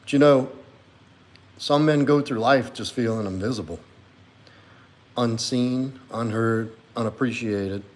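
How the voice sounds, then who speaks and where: A man's voice: medium pitch, measured pace, pauses often. A man hosting a casual livestream as a men's coach, reading viewer comments aloud and reflecting on them earnestly.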